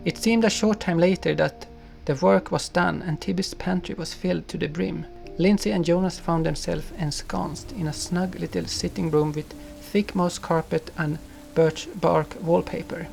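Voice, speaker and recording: A man narrating a storybook in a gentle, unhurried manner. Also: high-pitched, fairly even intonation. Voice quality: gravelly. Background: soft guitar music.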